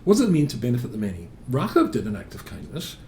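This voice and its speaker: A man, a rabbi teaching a lesson as an animated storyteller, full of filler words. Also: mid-range voice, fast talker, a little hiss or hum.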